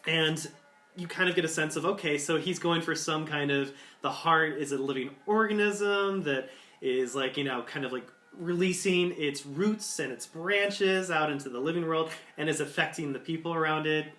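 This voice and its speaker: A man's voice: a little high, normal speed, bright, forceful tone. A man narrating as game master of a tabletop game, rambling with many fillers. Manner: rambling, full of likes and ums. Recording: echoey room.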